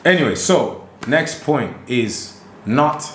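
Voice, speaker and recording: A man's voice: mid-range voice, animated, slow pace, a bit bright, reverberant, a little hiss or hum. A man co-hosting a podcast in casual chat, giving emphatic, preachy dating advice. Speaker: podcast co-host.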